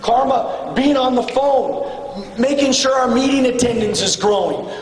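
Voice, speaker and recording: A man giving a blunt, profane motivational speech to a room of salespeople, swinging between shouting and low, intense tones. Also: a little slow. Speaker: motivational speaker at a sales retreat. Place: large hall with an audience. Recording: echoey hall from far off with faint ambience.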